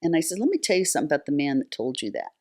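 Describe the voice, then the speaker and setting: A woman's voice: low-pitched, very animated, very fast, a little mellow. Older lady guest rambling through stories, lots of ums and restarts. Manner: chatty, frequent fillers and restarts. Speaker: guest, nonprofit founder. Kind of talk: conversational storytelling.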